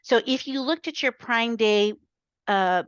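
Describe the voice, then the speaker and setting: A woman's voice: a little high, unhurried, clean tone, no echo. A chatty woman giving webinar advice, jumping into asides and correcting herself as she goes. The sound is dry and a little dull, as on a lo-fi connection. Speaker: webinar guest speaker. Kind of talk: casual webinar talk.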